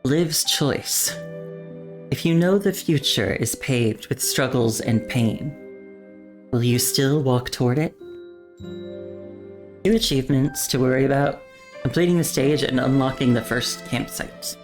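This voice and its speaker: A woman streamer narrating a game story aloud with slow, deliberate pacing and wry asides. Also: very deep voice, a little mellow, soft background music. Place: home streaming setup.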